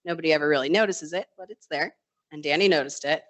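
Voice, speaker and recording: Bright-voiced nurse telling a live story. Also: medium pitch, fast. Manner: conversational, self-deprecating humor; acts out quoted voices of others. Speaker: ICU nurse. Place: live storytelling stage event.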